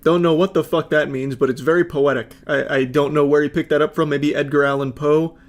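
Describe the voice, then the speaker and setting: Guy in his 30s doing sarcastic cursing commentary on texts, bit higher voice, deadpan. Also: brisk. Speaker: commentary host. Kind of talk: reacting to text messages with commentary.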